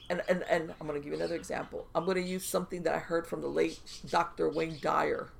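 A woman guest on a podcast, telling stories in a casual, animated way with lots of fillers and restarts. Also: low voice, fast talker, gravelly, hardly any pauses, a little hiss or hum. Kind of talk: casual conversational storytelling.

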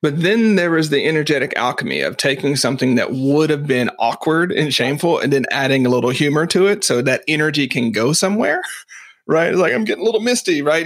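A man's voice: fairly high pitch, a bit bright. Thoughtful man guesting on a podcast. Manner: thoughtful, explaining, laughs between points. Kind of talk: casual chat.

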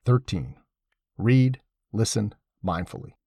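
A man reads a scripted essay in a husky voice that rises and falls with lively emphasis, tossing in wry, sardonic asides. The sound is dry and close, with no room around it. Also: fairly low pitch, takes it slowly, dry recording. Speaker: essay reader.

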